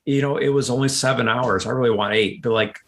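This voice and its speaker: A man in an easygoing podcast chat, coaching wedding-business owners. His voice sits at an ordinary middle pitch. He rambles and restarts, slipping into quick acted snippets of client talk. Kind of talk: casual podcast conversation.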